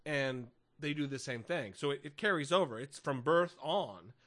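A man's voice: mid-range voice, animated, normal speed, fairly bright tone. A man co-hosting a comedy podcast, joking and rambling with frequent restarts in casual chat. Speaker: podcast co-host.

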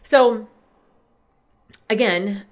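A woman's voice: mid-range voice, extremely slow. A woman hosting a show, telling a personal story to her listeners in a candid, casual way with lots of fillers and the odd swear word.

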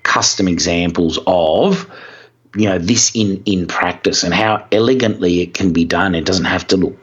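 Male podcast co-host, low husky voice, relaxed explainer, slightly dull recording. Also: moderate pace. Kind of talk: casual podcast discussion.

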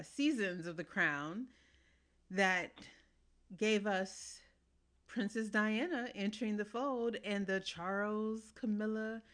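A woman's voice: medium pitch, fairly bright tone. A woman hosting a podcast, chatting casually with friends, laughing often and restarting her sentences. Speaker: podcast host. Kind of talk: casual chat.

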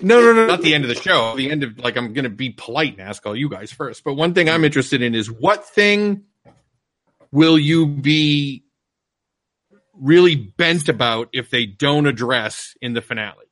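Bright-voiced man chatting on a podcast. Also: medium pitch, moderate pace, no room sound. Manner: animated, profane, explains at length. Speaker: podcast co-host. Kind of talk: casual chat.

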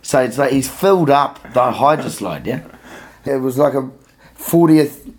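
A man's voice: medium pitch, a little slow. A man telling a funny story in casual conversation, laughing and acting out the people in it. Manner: animated, laughing storyteller who acts out voices. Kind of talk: casual storytelling in a podcast chat.

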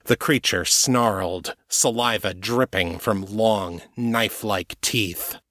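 A man narrating an audiobook chapter in a steady, even storytelling manner. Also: on the low side, takes it slowly, dry recording, studio quality.

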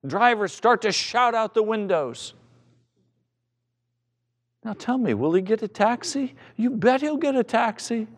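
Slow, high-voiced preacher man. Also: expressive. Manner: impassioned preaching, acting out quoted voices with sudden shouts. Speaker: pastor. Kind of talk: sermon.

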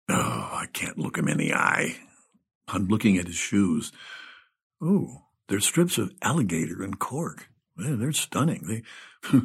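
Wry, desperate old writer played by a man, husky voice with lively rises and falls. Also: medium pitch, full character voice. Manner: rambling inner monologue, sighing, pleading. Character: ill older male screenwriter, wry and desperate. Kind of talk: audio drama with inner monologue.

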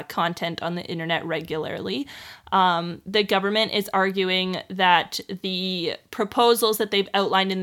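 A woman's voice: fairly low pitch, a bit bright. A woman co-hosting a casual podcast, chatty and full of fillers as she explains a news story she researched. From Canada. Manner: chatty, filler-heavy, laughing while explaining. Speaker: podcast co-host.

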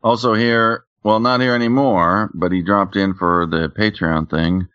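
Guy in his 40s doing crude podcast banter, lowish voice, dry kinda dull mic. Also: fairly even intonation, measured pace, few pauses, fairly bright tone, smooth, no room sound. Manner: crude, joking, swears a lot. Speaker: podcast co-host. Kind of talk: crude casual chat.

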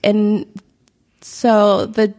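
A woman's voice: medium pitch, monotone, drawn-out words, dark tone. A woman co-hosting a podcast, explaining history in a rambling casual chat with many fillers and frequent laughter. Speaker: podcast co-host.

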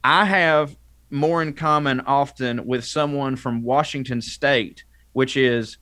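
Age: adult. Sex: man. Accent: Southern US. Style: rambling, animated podcast chat, dry close mic. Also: mid-range voice, takes it slowly, dry recording. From American South. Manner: rambling, animated, self-interrupting. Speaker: comedian guest.

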